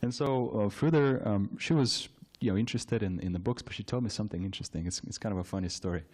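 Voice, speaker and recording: A man giving a temple scripture class, telling a story in a halting way, repeating words and laughing often. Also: lowish voice, darkish tone, breathy edge. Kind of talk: anecdotal temple class talk.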